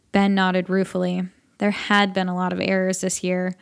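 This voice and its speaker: A woman narrating a comic short story in an even, deadpan way. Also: on the low side, moderate pace, vocal fry, clean tone.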